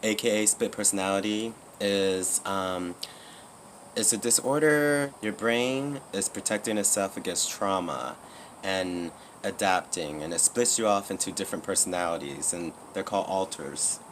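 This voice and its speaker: A man with a very low, deep voice talks candidly to camera in a casual personal vlog. He rambles, restarts and fills gaps with "um" and "like." A faint air conditioning hum sits under his voice in an indoor room. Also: normal speed. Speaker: YouTuber.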